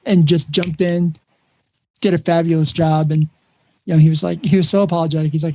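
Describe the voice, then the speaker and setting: A man's voice: fairly high pitch, quick pace, creaky. A man hosting a podcast interview, telling a work story and acting out the dialogue in it. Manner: animated storyteller, acts out dialogue. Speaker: podcast host. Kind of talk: conversational interview.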